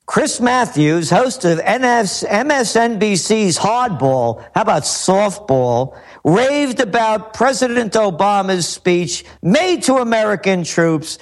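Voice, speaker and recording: A man's voice: high-pitched, expressive, takes it slowly, few pauses. A man who is a guest on a talk radio show, speaking in a scornful, sardonic, lecturing way. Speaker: guest commentator.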